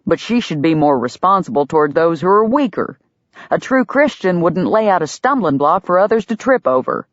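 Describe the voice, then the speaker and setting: A woman voicing a stern, gruff young frontier man. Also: lowish voice, very animated, moderate pace, no echo. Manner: stern and clipped. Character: stern, gruff young male livery owner. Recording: dull, dry lo-fi sound.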